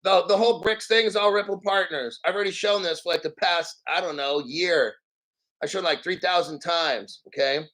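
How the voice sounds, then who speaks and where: A man with a high voice tears into a news story in a profane, combative rant, full of mockery. His tone is sharp and forceful, and he keeps clearing his throat between remarks. He sounds like a crypto vlogger hosting his own channel. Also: normal speed, rough recording. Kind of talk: ranting commentary on a news article.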